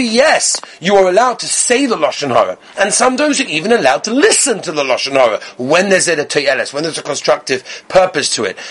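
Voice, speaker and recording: A man's voice: sits high, a bit bright, slightly rough. A man giving a Torah lecture as a rabbi, emphatic and repeating key words.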